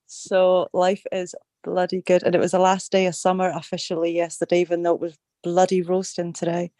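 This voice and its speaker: A middle-aged woman from Scotland with a Scottish accent softened by a slight Australian twang, chatting in an upbeat way and swearing casually. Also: on the low side, completely flat delivery, a little fast, no echo, clean studio sound. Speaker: group call participant. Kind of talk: casual chat.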